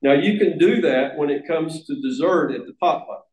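A man's voice: a little high, normal speed, darkish tone. A man preaching a sermon in a church, earnest and emphatic, sometimes restarting his phrases. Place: church sanctuary. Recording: echoey church room.

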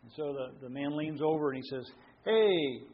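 A man's voice: medium pitch, little pitch movement, fast talker, breathy edge. A man preaching a sermon, telling stories in a folksy way with many fillers and restarts. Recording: dull lo-fi sound with faint room noise.

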